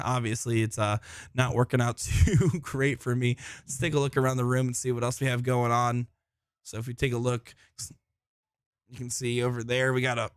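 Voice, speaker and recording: A man of medium pitch calls a live darts tournament on his own, chatting easily and joking at his own expense. His voice sounds dry and close, with little room around it. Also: dry recording. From Florida. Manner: chatty, joking, self-deprecating. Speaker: darts commentator. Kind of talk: live solo sports commentary and chat. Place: busy tournament room, indoors.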